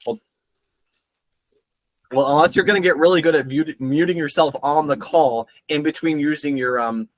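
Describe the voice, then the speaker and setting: A man's voice: fairly high pitch, normal speed, long pauses, no room sound, rough recording. Exasperated male game master, dry sound. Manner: patient but exasperated, explaining. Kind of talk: casual tabletop game chat over a call.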